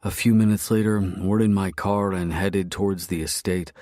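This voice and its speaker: A man narrating a romance story in the first person, with a low, brooding, intense delivery. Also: fairly even intonation, normal speed, warm tone, no echo.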